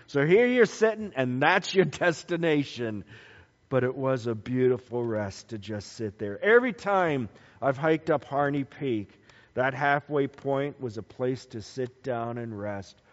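A man's voice: mid-range voice, expressive, measured pace. A man preaching a sermon as a pastor, telling stories and building emphasis through repetition. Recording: dull lo-fi recording with long hall reverb.

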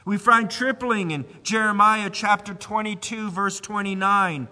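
Emphatic high-voiced male preacher, reverberant hall. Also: steady tone, measured pace, hardly any pauses. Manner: emphatic, swelling to loud cries then dropping low. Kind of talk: sermon.

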